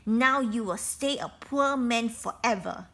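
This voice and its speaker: A woman voicing a frightened, later stern, female magic bird in a storybook reading, crying out in high pleading tones. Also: unhurried, a bit bright.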